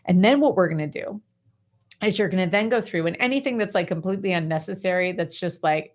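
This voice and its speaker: Chatty woman host coaching, lower voice. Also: quick pace. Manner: animated, chatty explaining with many fillers. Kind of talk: casual coaching talk.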